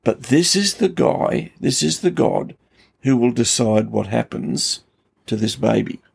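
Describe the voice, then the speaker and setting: A man's voice: mid-range voice, expressive, unhurried, creaky, slightly rough. A man, a pastor, explaining scripture in an earnest, emphatic conversational way. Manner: earnest, emphatic storytelling with rising intensity. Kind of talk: conversational Bible teaching.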